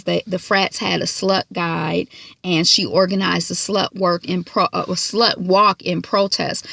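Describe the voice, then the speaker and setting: A woman's voice: on the low side, gravelly, fairly bright tone, no echo. A woman recording a casual TV episode recap from inside her car, telling it in a chatty way with lots of asides. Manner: chatty, filler-heavy storytelling with asides. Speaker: TV recap vlogger.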